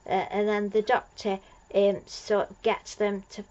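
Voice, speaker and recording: A woman's voice: medium pitch, level tone, a little slow, a little mellow, muffled recording. A woman recapping an episode as a fan reviewer, gushing and rambling with lots of fillers and restarts.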